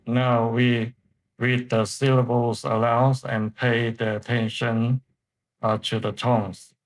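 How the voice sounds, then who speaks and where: A man teaching a pronunciation lesson, explaining step by step with careful pauses. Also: mid-range voice, level tone, poor audio. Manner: slow, deliberate explanation with pauses. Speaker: language teacher.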